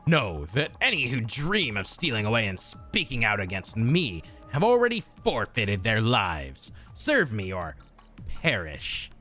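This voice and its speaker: A man's voice: lowish voice, wildly swooping pitch, a little slow, sharp tone, soft background music, full character voice. Guy putting on a sneery snobby lord voice, lots of swoop in it. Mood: sneering. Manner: sneering, contemptuous, pompous. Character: cruel haughty male feudal lord.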